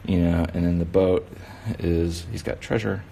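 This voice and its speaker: Low gravelly guy chatting while he draws, encouraging, lots of "you know"s. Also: steady tone, moderate pace, dark tone, a little hiss or hum. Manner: rambling, encouraging, full of "you know" fillers. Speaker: kids' drawing instructor. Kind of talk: casual demonstration while drawing.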